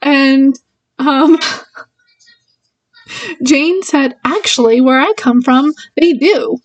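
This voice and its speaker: A woman's voice: sits high, drawn-out words, no echo, recorded from a distance, lo-fi sound. A woman casually reviewing a book, retelling the plot in a rambling way with many fillers and laughs.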